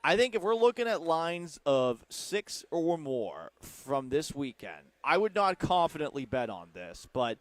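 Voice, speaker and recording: Playful, dry-voiced sports radio host. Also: male voice, on the high side, sing-song, a little slow, few pauses, dry recording. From Texas. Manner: playful, rambling, self-mocking. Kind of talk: sports talk radio with live ad reads. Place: radio studio. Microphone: studio microphone.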